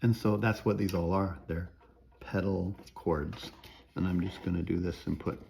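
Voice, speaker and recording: Man, very low gravelly voice, music theory lecture, thinks out loud, faint hiss behind. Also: steady tone, normal speed. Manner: thinks aloud, sings melodies in syllables; frequent tag questions. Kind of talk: recorded lecture walkthrough.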